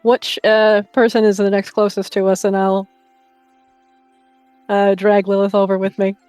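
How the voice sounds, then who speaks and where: A woman's voice: medium pitch, flat delivery, a little slow, a little mellow, smooth, dry recording, soft background music. A woman playing in a tabletop role-playing game, describing her character's actions hesitantly and with giggles. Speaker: player. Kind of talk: tabletop role-play narration.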